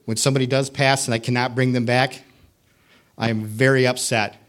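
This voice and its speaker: A man's voice: mid-range voice, flat delivery, a little fast, a bit bright. A middle-aged man from the United States giving a candid, self-deprecating personal testimony in a church, with wry humor.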